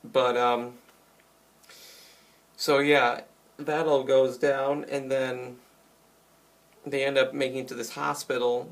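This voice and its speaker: A young man casually reviewing a video game, retelling scenes in an excited, rambling way with lots of likes and ums. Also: medium pitch, takes it slowly, long pauses.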